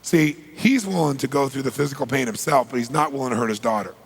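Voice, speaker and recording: A man's voice: medium pitch, quick pace, creaky, breathy edge, in a large hall. A man giving a motivational seminar talk, telling stories and quizzing the audience. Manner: storytelling, asks the audience questions. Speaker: seminar speaker.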